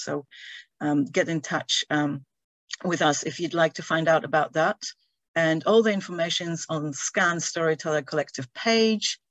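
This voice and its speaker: A woman's voice: deep voice, no echo. Female host, dry close recording, hesitant with many ums. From Scotland. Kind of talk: formal event introduction.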